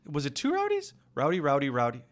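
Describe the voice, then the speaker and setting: A man as a guest on an improvised comedy podcast, talking in a rambling, deadpan way. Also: on the high side, quick pace.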